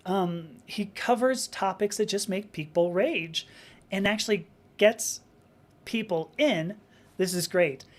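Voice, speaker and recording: A woman hosting a live stream, talking in a rambling, animated way, reading out viewer comments and acting out little quotes as she goes. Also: medium pitch. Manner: rambling, animated, with frequent restarts and acted-out quotes.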